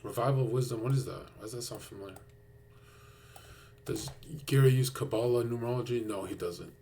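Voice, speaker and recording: A man's voice: medium pitch, brisk, dark tone, a little hiss or hum. A man from Canada live streaming, talking in a crude, rambling, slangy way and calling his viewers "bro". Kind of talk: casual live-stream chat.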